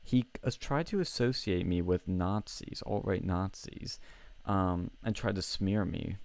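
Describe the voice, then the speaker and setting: A young man at home tells a story in a casual, animated way. He swears freely and often restarts his sentences. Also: deep voice, unhurried. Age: young adult. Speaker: college student telling a story on a show.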